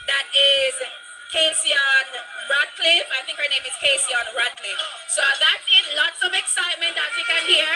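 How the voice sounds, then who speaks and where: A woman with a Jamaican accent reporting live for a news broadcast from a street, raising her voice and keeping a measured delivery. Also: high-pitched, poor audio. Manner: raised voice over crowd noise, measured delivery. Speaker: field reporter. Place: outdoors on a busy street with celebrating crowds. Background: crowd cheering and music.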